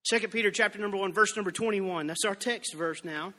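Man preaching, very high bright voice, rising to shouts, long church reverb. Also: brisk. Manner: builds from storytelling to shouting fervor. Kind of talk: revival sermon. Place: church sanctuary.

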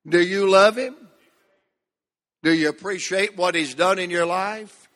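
A man preaching a sermon as pastor, slow and emphatic, drawing out key words. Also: high voice, fairly bright tone, in a large hall. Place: church sanctuary.

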